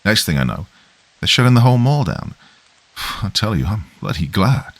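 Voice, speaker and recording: A man voicing a worried man in his late fifties with a Liverpool accent, warning gravely in a story reading. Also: lowish voice, very animated, normal speed, fairly bright tone, no echo. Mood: ominous.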